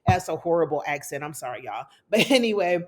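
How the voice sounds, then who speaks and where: A woman's voice: sits low, expressive, a little fast. Chatty, sassy woman recapping TV. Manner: chatty and sassy, says honey and y'all. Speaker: TV recap host. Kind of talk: casual recap.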